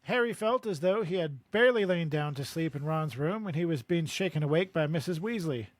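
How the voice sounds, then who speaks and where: Guy with a high voice, chatty book podcast cohost reading bits aloud, laughs a lot, dry close sound. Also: animated, fairly quick, dry recording. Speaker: podcast co-host. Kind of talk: casual book-discussion chat and reading aloud.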